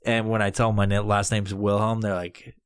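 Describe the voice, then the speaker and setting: A man's voice: fairly low pitch, level tone, a little fast, clear, resonant tone, no room sound, clean studio sound. A man hosting a podcast in casual chat, crude and profane, joking and laughing often. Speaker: podcast host.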